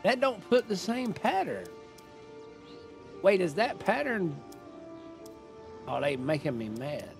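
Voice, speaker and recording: A man's voice: high-pitched, big pitch swings, slow, gravelly, long pauses, over music. A man giving casual commentary while playing a video game, chatty and thinking aloud as he makes up his mind. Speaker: gaming streamer.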